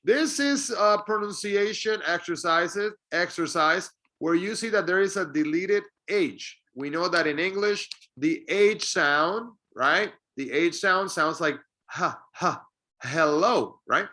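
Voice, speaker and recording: A man's voice: sits high, unhurried, few pauses, pushed and bright. A man whose first language is Spanish, teaching an English lesson and patiently drilling example sentences. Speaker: ESL teacher.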